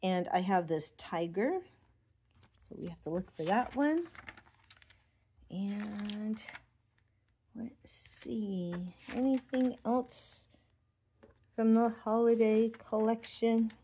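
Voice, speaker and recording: A woman's voice: on the high side, slow, long pauses, warm tone, slight background noise. A middle-aged woman chatting fondly at home by her Christmas tree, thinking aloud as she shows her ornaments. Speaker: Avon representative. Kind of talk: casual home vlog.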